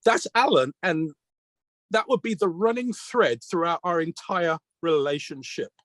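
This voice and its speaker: British male magician, interview storyteller, voice on the high side, dry close recording. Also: unhurried, fairly bright tone, no echo. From Britain. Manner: retells mentors' advice as quoted dialogue, with questions and answers; earnest, reflective. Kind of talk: conversational storytelling.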